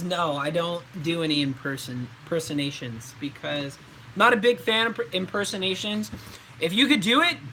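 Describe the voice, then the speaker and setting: A man's voice: high voice, pushed and bright, slight background noise, rough recording. A man in his twenties, a voice actor, chatting casually on a live stream and answering viewer questions in a laid-back way.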